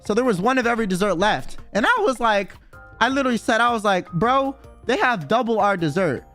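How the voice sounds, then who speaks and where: A young man streamer telling a rowdy story in casual chat, animated and swearing often as he acts out quotes. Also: sits high, a little fast, soft background music.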